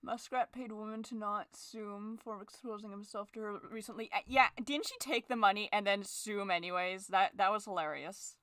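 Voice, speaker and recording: A young woman chatting casually while she draws, sarcastic, swearing freely, and jumping into shrill forced cheer. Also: brisk, hardly any pauses, pushed and bright, dry recording, clean studio sound. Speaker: drawing vlogger. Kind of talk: casual chat while drawing.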